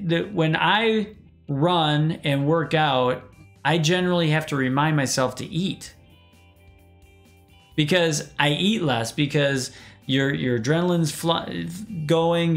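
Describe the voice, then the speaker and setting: Man, fairly high voice, casual live-show host, rambling, restarts a lot. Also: a bit bright. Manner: rambling, many restarts, addresses viewers. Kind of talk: casual live-stream talk.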